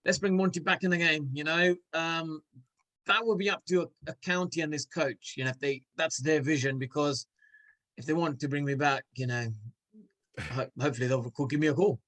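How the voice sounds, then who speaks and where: A former cricketer, a man, chats casually as an interview guest, with a voice slightly higher than most men's. He speaks hesitantly, restarting often and filling gaps with fillers. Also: fairly even intonation, moderate pace, fairly bright tone, low-quality recording.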